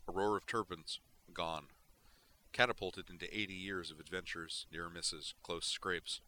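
A man narrating a story in a steady, expressive reading style. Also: low-pitched, unhurried. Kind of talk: audiobook reading of fan fiction.

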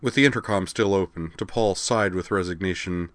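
A man reading scripted narration of a science fiction story in a steady, even way. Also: low voice, normal speed, dry recording.

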